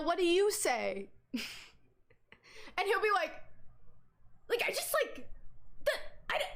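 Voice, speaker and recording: A young woman livestreaming from home, chatting casually in an excitable, rambling way, giggling and swearing as she goes. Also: sits high. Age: young adult. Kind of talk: casual live-stream chat.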